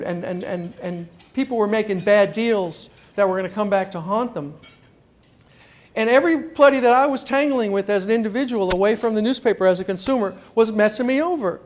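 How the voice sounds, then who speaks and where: A man with a rather high voice tells a story to a live audience. He is animated and acts out the other people's lines. He often repeats words as he starts a sentence. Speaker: consumer columnist giving a talk. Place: meeting room before a live audience.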